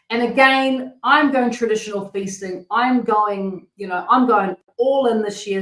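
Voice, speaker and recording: A woman talks through her recipes in a chatty, excitable way, looping back on her words with fillers and restarts. Her voice sits at a middle pitch, and the sound carries a noticeable room echo, as if recorded in a bare home kitchen. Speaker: cooking channel host. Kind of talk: casual cooking vlog talk.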